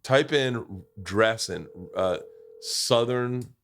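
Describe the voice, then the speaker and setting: A man's voice: medium pitch, very slow, a crowd in the background. A man from Florida in casual podcast chat, rambling and crude, close on a studio mic. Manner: rambling, crude, jumps into impressions.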